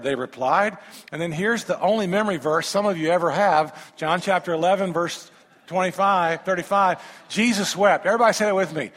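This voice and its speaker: High-voiced preacher in a reverberant hall. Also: male voice. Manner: animated, rhetorical questions, humorous asides. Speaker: pastor. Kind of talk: sermon with scripture reading. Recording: long reverb of a large hall.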